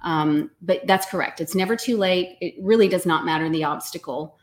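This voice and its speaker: A woman's voice: fairly low pitch, normal speed. A woman in her forties, a guest actor in a casual interview, talking with upbeat emphasis and easy laughs.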